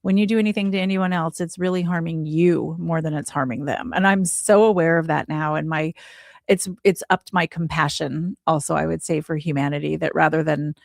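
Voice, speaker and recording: Woman podcast guest, slightly low pitch, earnest spiritual storyteller, casual speech. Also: fairly even intonation, fairly quick, creaky, no room sound, clean studio sound. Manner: casual, earnest, leans on "like" while recounting; spiritual, reflective tone. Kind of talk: heartfelt personal storytelling.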